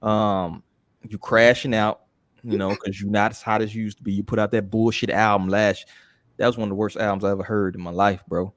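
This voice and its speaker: A man's voice: on the low side, flat delivery, a little fast, dry recording, clean studio sound. A man co-hosting a podcast, talking in a blunt, profane, casual way. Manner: blunt, profane, says bro a lot. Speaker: podcast co-host. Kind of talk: casual chat.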